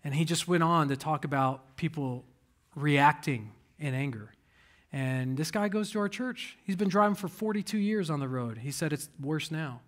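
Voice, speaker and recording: A man's voice: on the high side, lively intonation, normal speed. A man, a pastor, preaching a conversational sermon in a church, emphatic and direct, putting rhetorical questions to the congregation.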